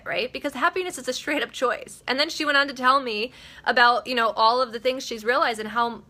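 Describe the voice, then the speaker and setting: A woman's voice: a little high, pushed and bright. A woman hosting her daily live video, giving casual motivational talk in a chatty, blunt way, swearing freely and laughing often.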